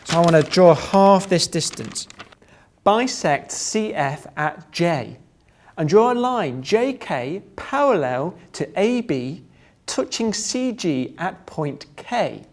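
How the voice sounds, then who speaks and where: Step-by-step geometry drawing instructions are read by a presenter who adds dry, joking asides, speaks deliberately and now and then laughs. The voice sits mid-range, very animated and darkish.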